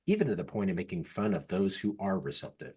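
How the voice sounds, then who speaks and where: A man hosting an interview, politely and briskly reading out audience questions. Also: sits low, sing-song, warm tone, breathy edge. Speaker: interview host.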